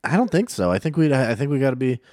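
A man in casual comedic banter, deadpan and teasing, riffing on silly bits. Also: medium pitch, fast talker, no echo, clean studio sound.

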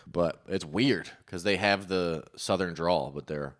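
A man's voice: sits low, a little slow. A man from Connecticut hosting a casual podcast chat, joking crudely and swearing often.

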